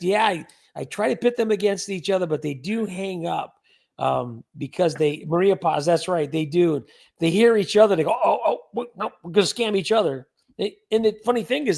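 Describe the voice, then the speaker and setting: A man with a high voice and a gravelly, creaky texture hosts a relaxed livestream. He chats loosely and reads out viewers' names as he goes. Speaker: livestream host. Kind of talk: casual livestream chat.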